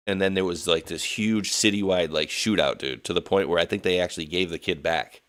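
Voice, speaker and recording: A young man with a New England accent, rambling through a loose casual chat. His voice sits a little low, and he laughs often and restarts his sentences. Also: brisk, fairly bright tone. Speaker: podcast host.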